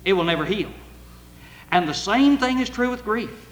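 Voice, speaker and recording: An older man preaching a sermon with earnest emotion, at times rising to loud cries as he reads scripture. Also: high-pitched, expressive, moderate pace. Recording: echoey hall with long reverb.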